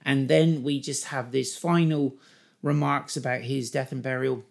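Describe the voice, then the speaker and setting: A man giving an informal Bible teaching, emphatic and animated, pausing often to explain the passage. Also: medium pitch, gravelly.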